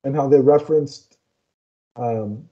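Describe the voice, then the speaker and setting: A man's voice: medium pitch, takes it slowly. A man co-hosting a casual chat podcast, retelling film scenes and acting out the characters' lines. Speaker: podcast co-host. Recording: dull lo-fi audio.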